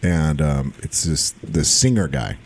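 A man, a musician who co-hosts a podcast, telling a story in a casual, animated way and acting out what people said. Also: rumbling low, a little slow, breathy edge. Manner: animated, acts out the people in his stories.

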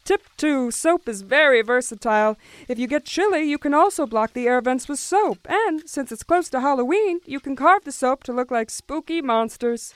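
An actress voicing a calm lifestyle-guru woman who gives homey tips in measured, serene steps. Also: high-pitched, dry recording.

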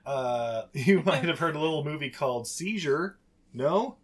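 A man's voice: a little high, unhurried. A man co-hosting a podcast, chatting casually and laughing often. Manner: laughing, animated banter. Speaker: podcast co-host. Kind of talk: casual chat.

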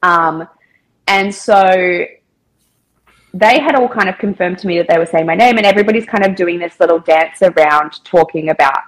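A woman's voice: on the low side, moderate pace, rough recording. A woman chatting as a podcast guest, telling a story in a casual, chatty way, with lots of filler words and quoted dialogue.

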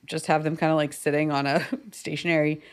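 A woman's voice: low voice, flat delivery, a little fast. A woman co-hosting a podcast, chatting casually about a scene and thinking aloud with fillers and restarts. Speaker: podcast co-host. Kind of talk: casual chat about screenwriting.

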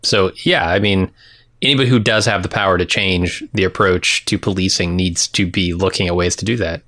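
Low-voiced man co-hosting a podcast. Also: fairly even intonation, a little fast, bright, forceful tone, no echo, studio quality. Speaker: podcast co-host. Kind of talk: casual podcast discussion.

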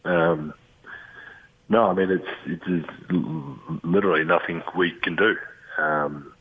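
An Australian man, a basketball player, talking from a room at home in a relaxed, rambling way with lots of ums and restarts. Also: deep voice, a little slow, husky. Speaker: guest, professional basketball player. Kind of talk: casual interview over the phone. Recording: tinny phone line.

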